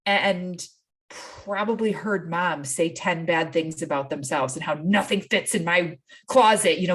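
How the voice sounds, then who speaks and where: A woman fitness coach talking casually as a podcast guest, animated and acting out other people's quotes as she tells stories. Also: on the low side, unhurried. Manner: animated storytelling, acts out quotes.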